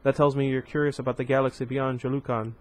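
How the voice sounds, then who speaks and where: A man's voice: medium pitch, little pitch movement, fast talker, lightly acted. Casting: a man reading as a composed, condescending imperial commander, audiobook-style storybook voice. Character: cold, composed older male imperial commander.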